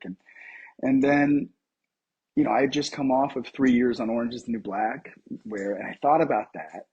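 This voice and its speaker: A man in his thirties from Colorado, an actor telling a personal story in a casual interview, animated and full of fillers. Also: medium pitch, unhurried, gravelly, breathy edge, muffled recording. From Colorado, USA. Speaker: actor, podcast guest.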